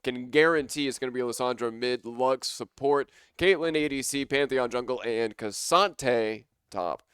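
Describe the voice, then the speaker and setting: A man's voice: mid-range voice, moderate pace, a bit bright, clean tone, dry recording, clean studio sound. A young man casting a college esports match live, chatting casually and rambling with enthusiasm. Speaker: esports caster.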